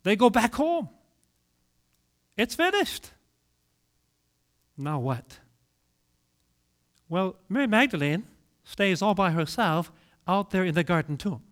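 Male preacher, high and lively pitch, dramatic storytelling sermon delivery. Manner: storytelling with dramatic pauses and swings in loudness.

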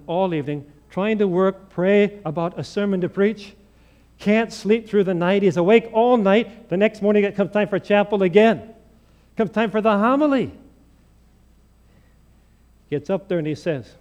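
A male preacher giving a sermon, telling stories in an animated way and acting out the dialogue. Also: high voice, moderate pace. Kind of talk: sermon storytelling.

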